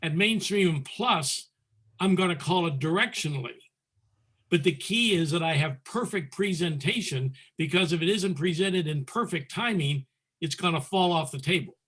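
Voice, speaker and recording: A man presenting a square dance calling lesson over a video call, explaining methodically and calling moves in crisp, clipped commands. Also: a little high, moderate pace, fairly bright tone. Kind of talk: teaching talk, calling demonstration calls.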